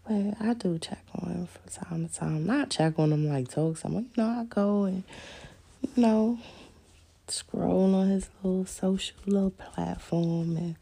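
A woman's voice: mid-range voice, takes it slowly, creaky, a little mellow, breathy edge. A woman hosting a podcast, rambling through a personal story in a candid, profane, casual monologue and laughing often. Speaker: podcast host.

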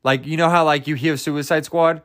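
A man's voice: a little high, fairly even intonation, moderate pace, a bit bright, no echo, studio quality. A young man hosting a solo podcast, rambling in a goofy, self-amused way and laughing at his own jokes. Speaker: podcast host.

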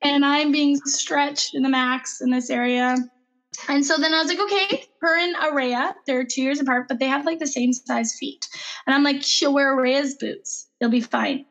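A woman in her thirties, a podcast co-host, telling a hectic family story in casual chat with lively acted-out quotes. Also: high voice, normal speed. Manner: animated, breathless retelling with acted-out quotes.

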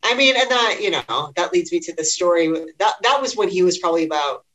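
A woman's voice: lowish voice, animated, brisk, fairly bright tone, rough recording. A woman guest telling childhood stories in a laid-back, chuckling way during casual chat. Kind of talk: casual chat over drinks.

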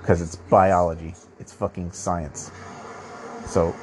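A man's voice: sits low, little pitch movement, slow pace, a little mellow, a little hiss or hum. A man hosting his own podcast in a rambling monologue, swearing often and restarting his sentences, with a somewhat nasal voice. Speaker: podcast host. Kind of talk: profane monologue.

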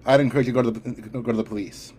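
A man's voice: fairly even intonation, very fast, a little mellow, slight background noise, lightly acted. A man voicing a determined young superheroine in an audiobook reading, talking firmly and scolding with a raised voice. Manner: firm, scolding, raised pitch.

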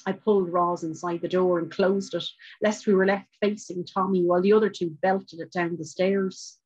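Husky-voiced woman reading a story. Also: fairly low pitch, fairly even intonation, normal speed, darkish tone, muffled recording. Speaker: author reading. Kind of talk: reading a short story aloud. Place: book launch.

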